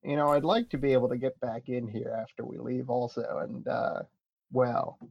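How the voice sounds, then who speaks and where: A man's voice: mid-range voice, fairly even intonation, moderate pace, gravelly, breathy edge, no room sound, dull audio. A man playing a tabletop role-playing game, rambling in character with hesitant, dry humor. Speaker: player.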